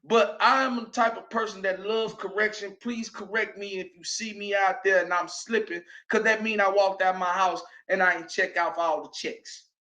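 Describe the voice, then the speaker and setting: A Southern American man delivers a motivational monologue as host of his show. His voice sits very high and rings bright and forceful. He talks in a preachy, emphatic way, rising into shouts. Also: steady tone, moderate pace, few pauses.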